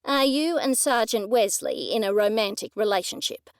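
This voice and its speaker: A woman's voice: mid-range voice, sing-song, moderate pace, clear, resonant tone, no room sound. A woman narrator voicing a stern middle-aged male police detective, probing and accusing in a dry manner.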